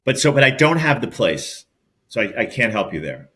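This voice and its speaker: A man's voice: mid-range voice, moderate pace. Rambling New York man telling stories. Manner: rambling, animated storyteller with many restarts. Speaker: podcast co-host. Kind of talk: casual chat and storytelling.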